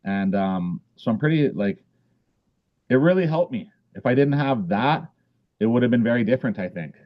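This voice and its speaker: A man's voice: mid-range voice, lively intonation, normal speed, muffled recording. A man guest in a casual interview, talking in a rambling way with many fillers and restarts. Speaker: podcast guest, author.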